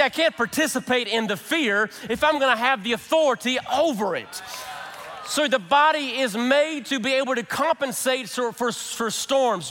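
A man preaching a sermon as pastor, conversational and animated, acting out quotes from the people in his story. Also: very high voice. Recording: reverberant hall.

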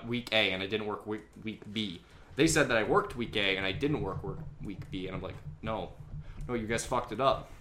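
A man's voice: on the low side, noisy background. A young man hosting a casual podcast, rambling and complaining in a profane, offhand way. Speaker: podcast host and editor.

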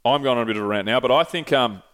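Hosting a podcast, a man with an Australian accent rambles loosely through casual chat, swearing freely and often losing his thread. His voice sits at a medium pitch with a fairly bright tone, and he talks rapid-fire.

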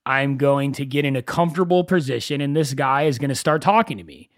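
A man hosting a solo podcast, talking in a conversational, animated storytelling way with self-mocking asides. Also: medium pitch, fairly quick, dry recording, clean studio sound. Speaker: podcast host.

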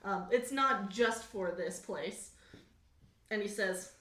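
A woman's voice: medium pitch, slow pace, a bit bright. A giggly woman running a tabletop game as game master, recorded in a garage. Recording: echoey garage with faint noise.

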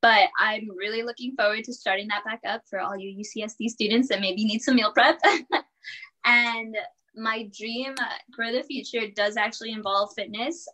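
A woman's voice: mid-range voice, bright, forceful tone, poor audio. A woman in her twenties, a college student and personal trainer, chatting casually as a podcast guest, upbeat and full of little laughs and fillers. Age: 20s. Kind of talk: casual interview chat.

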